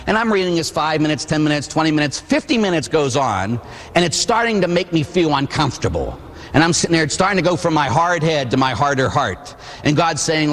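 A man from Pittsburgh giving a Catholic testimony sermon, telling a personal story with comic, animated energy. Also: a little high, a little fast. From Pittsburgh, USA. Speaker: Catholic preacher. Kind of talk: testimony sermon to a live audience. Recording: long hall reverb.

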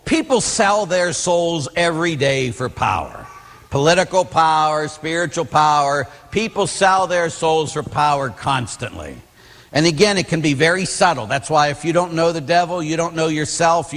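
A middle-aged Catholic priest from the Pittsburgh area delivers a homily as a string of lively personal stories, often slipping into other people's voices. His voice sits a little high for a man. A long reverb trails his words. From Pittsburgh area, United States. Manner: animated storyteller, acts out voices in quotes. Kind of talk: storytelling homily.

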